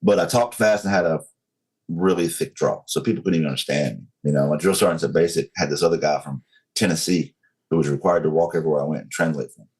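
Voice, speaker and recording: A man in his forties from North Carolina with a Southern accent, telling his story as a podcast guest in a slow, controlled way. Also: a bass voice, a little mellow. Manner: slow, controlled, deliberate delivery.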